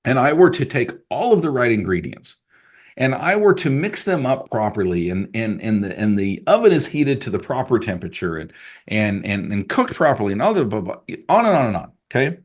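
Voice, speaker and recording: A middle-aged man hosting a podcast, telling a story with animated delivery, stumbling over repeated words and laughing at his own analogy. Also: medium pitch, brisk. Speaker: podcast host and appraiser coach. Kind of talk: solo podcast monologue with sponsor reads.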